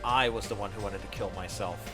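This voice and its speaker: A man streams a game live, speaking fairly quickly in a lowish voice with a steady tone. He chats casually, reads viewers' messages and keeps laughing and exclaiming over the game music.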